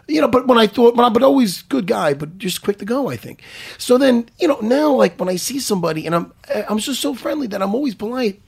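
A man in his forties hosting a casual chat, loud, profane and excitable, telling stories in fast bursts. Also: very high voice, gravelly, slightly rough. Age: 40s. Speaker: host.

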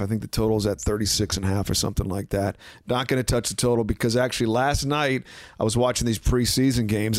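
A man hosting a sports podcast, talking casually and sarcastically, giving betting picks and mimicking others in quick asides. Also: mid-range voice, no echo, studio quality. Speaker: podcast host.

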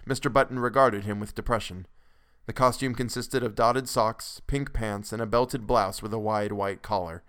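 Brief: a male podcast storyteller with a smooth, resonant voice, mid-pitched, measured and expressive. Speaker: podcast host and narrator. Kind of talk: dramatic storytelling reading.

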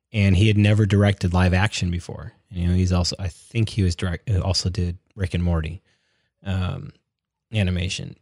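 A man's voice: low-pitched, a little mellow, no echo, clean studio sound. A young man chatting casually as a podcast co-host, rambling with lots of fillers and restarts. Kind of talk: casual chat.

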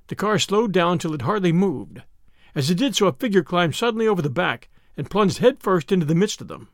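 A man narrating a novel in an expressive, animated reading. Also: high-pitched, brisk, dry recording, clean studio sound. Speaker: audiobook narrator. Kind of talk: scripted narration.

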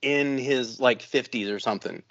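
This man, a podcast co-host, speaks with medium pitch at a moderate pace, recorded with no echo in a muffled, dry, lo-fi sound. Chatting casually, he tells a story full of constant swearing, animatedly acting out quotes from others.

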